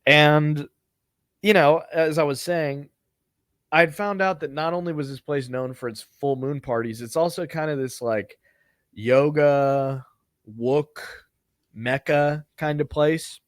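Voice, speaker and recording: A man's voice: a little high, measured pace, dry recording, studio quality. A man hosting a podcast who tells a comedy story in a rambling, profane, offhand way. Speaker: podcast host.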